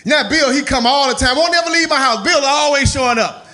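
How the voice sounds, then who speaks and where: A man's voice: very high voice, brisk, bright, forceful tone. A man doing a stand-up comedy set on stage, loose and playful, slipping into character voices. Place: comedy stage before a live audience.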